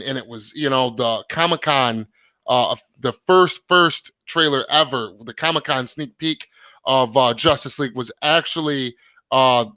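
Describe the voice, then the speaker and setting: A man's voice: mid-range voice, sharp tone, no room sound, highs cut off. A man hosting a casual live stream, reading comments and rambling with many fillers and restarts.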